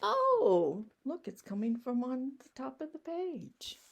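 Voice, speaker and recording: A woman reading a picture book aloud to children, gently asking them questions and explaining. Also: high voice, lively intonation, unhurried. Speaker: children's story reader.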